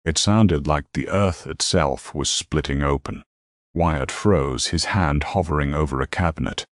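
A man narrating a fantasy story in a dramatic, measured style. His voice is extremely deep, and the recording is dry and close. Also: no echo. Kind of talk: scripted narration.

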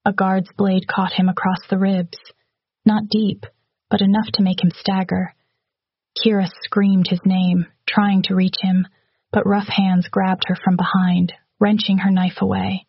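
Woman, story narration, flat delivery, gravelly husky tone, dry close sound. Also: mid-range voice, unhurried, dry recording, highs cut off. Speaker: audiobook narrator. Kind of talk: scripted narration.

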